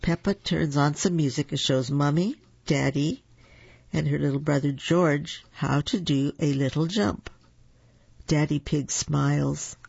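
A children's storybook read aloud at an easy, expressive pace. The voice is gravelly and husky. It sounds dry and close on a dull, lo-fi recording. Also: mid-range voice, no echo. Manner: slow, gentle and expressive.

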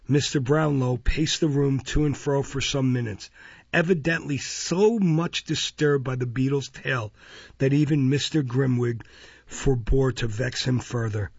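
A male narrator reading a classic novel aloud in a measured, even way. His voice is gravelly and husky, recorded dry and close, with a dull, lo-fi sound. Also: medium pitch, no room sound. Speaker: audiobook narrator. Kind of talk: scripted narration.

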